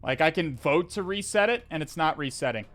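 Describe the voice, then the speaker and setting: A man's voice: on the high side, expressive, a little fast, fairly bright tone. A man live-streaming a hacking session, talking to viewers in an exasperated way, swearing, sighing and restarting his sentences. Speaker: livestreamer.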